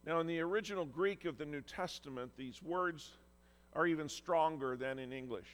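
A man's voice: on the high side, normal speed, fairly bright tone, long reverb tail. A man preaching a sermon as pastor, earnest and emphatic, acting out quoted lines with feeling.

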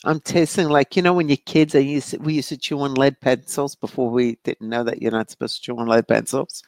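Her voice is extremely low, steady and darkish, and she speaks a little fast with no room sound at all. She's a middle-aged psychic medium hosting a live show, reading viewers' questions cheerfully and chatting with frequent laughter.

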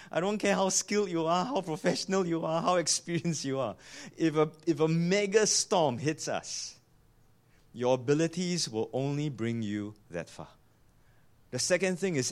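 Man, pastor, sermon, animated pitch, emphatic. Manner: animated, emphatic, repeats key lines.

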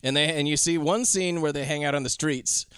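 A man co-hosting a casual film podcast, retelling scenes with lively impressions of the characters. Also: fairly high pitch, fairly quick, smooth, dry recording, clean studio sound. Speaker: podcast co-host.

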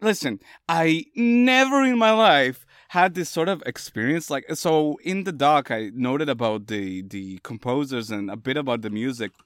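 A man's voice: mid-range voice, expressive, moderate pace, few pauses, a bit bright, smooth, no echo, studio quality. A man in casual chat, emphatic and exclaiming, swearing heavily.

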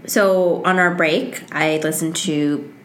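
A woman's voice: low-pitched, steady tone, slow, a bit bright, a little hiss or hum. A woman in casual podcast chat, talking loosely with many filler words. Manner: chatty, lots of "like" fillers. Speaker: podcast co-host.

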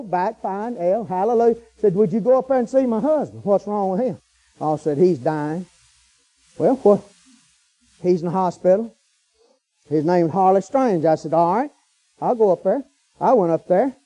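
A man's voice: extremely high pitch, warm tone. A middle-aged man preaching a storytelling sermon in a folksy, colloquial way, breaking into hallelujahs.

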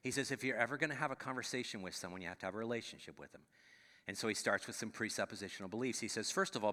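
A man's voice: lowish voice, bright, forceful tone, big-room sound. A middle-aged man, a pastor, preaching a conversational sermon and checking in with the audience as he goes. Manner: conversational preaching with frequent "right?" asides. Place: church sanctuary.

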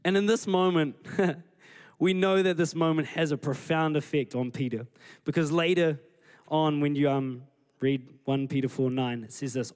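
A man delivers a church sermon. He reads scripture and then retells it, voicing the characters' lines in a fairly high, expressive voice. The tone is of a preacher speaking to a congregation. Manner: animated storytelling, acting out scripture scenes. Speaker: pastor.

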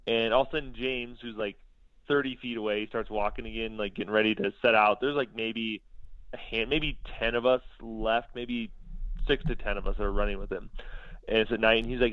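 A man's voice: medium pitch, normal speed. A man, a podcast guest, telling a story casually and acting out the dialogue he quotes. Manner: lively, acts out quoted dialogue. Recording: dull lo-fi sound.

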